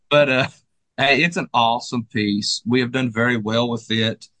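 A man co-owning a furniture store, casually walking through the showroom and describing pieces in a relaxed, friendly sales manner. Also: mid-range voice, measured pace, no room sound.

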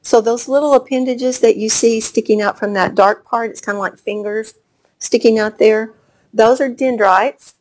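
A woman's voice: on the high side, steady tone, moderate pace. A woman presenting to homeschooling parents, explaining child brain development and telling stories that she acts out. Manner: warm storytelling with acted-out quotes. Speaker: speaker on gifted children's development.

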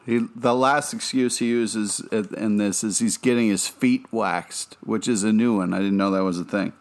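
A man's voice: on the low side, moderate pace. Enthusiastic man rambling on a podcast. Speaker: podcast co-host. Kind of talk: casual podcast chat.

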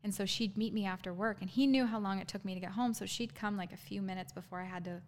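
A woman guest in an interview telling her own story candidly, halting, with frequent ums and restarts. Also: mid-range voice, steady tone, a little hiss or hum.

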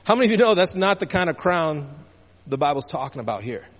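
A man's voice: fairly high pitch, big pitch swings, quick pace, slightly rough. Preaching man in a reverberant hall. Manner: call-and-response preaching, rising and falling emphasis. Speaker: pastor. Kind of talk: sermon. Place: church sanctuary.

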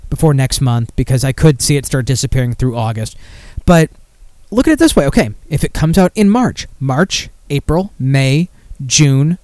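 A man hosting a podcast, rambling and talking bluntly with plenty of swearing in a slightly high voice. The sound is close and dry, with no room echo. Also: a little mellow, smooth. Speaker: podcast host. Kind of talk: casual chat.

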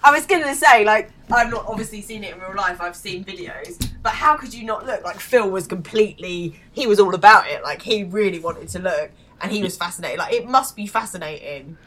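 A woman's voice: medium pitch, expressive, brisk, hardly any pauses, a bit bright. A British woman in casual conversation, chatty and reacting with sympathy and easy laughter. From Britain. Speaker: podcast co-host. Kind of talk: casual chat.

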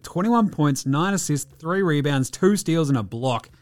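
An Australian man hosting a casual sports podcast, blunt and excitable and swearing freely as he runs through the night's games. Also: fairly high pitch, moderate pace, hardly any pauses. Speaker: podcast host.

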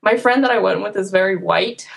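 A woman's voice: medium pitch, moderate pace, creaky, slightly rough. A woman from the United States co-hosting a podcast in casual chat, chatty and laughing often. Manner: chatty, laughs often, quotes people in lively voices. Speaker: podcast co-host.

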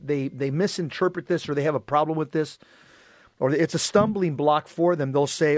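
A man's voice: fairly high pitch, moderate pace, no echo, clean studio sound. A man hosting a show, earnestly reading and explaining scripture in a teaching manner. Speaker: host.

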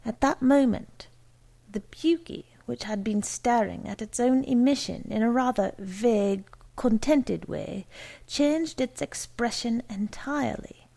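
A woman narrates a comic story in a dry, wry way. Her voice has a gravelly fry, and she reads unhurriedly. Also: on the high side, unhurried, dark tone. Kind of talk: storytelling reading.

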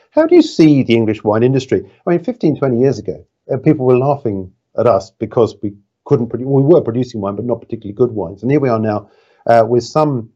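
Brief: male business interviewer, mellow tone, probing but chatty, dull recording. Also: mid-range voice. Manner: probing, conversational, hesitant fillers.

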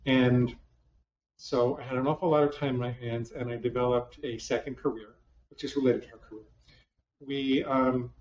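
Speaking at a moderate pace in a steady, slightly mellow mid-range voice, this man, a psychologist, talks conversationally to a live audience. He pokes fun at himself and restarts often. Captured in a hall, the audio sounds distant, roomy, dull and lo-fi.

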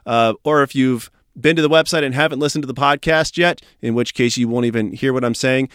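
A man's voice: mid-range voice, a bit bright, clean tone, dry recording, clean studio sound. A man hosting a podcast, chatting casually in a rambling, upbeat way. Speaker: podcast host.

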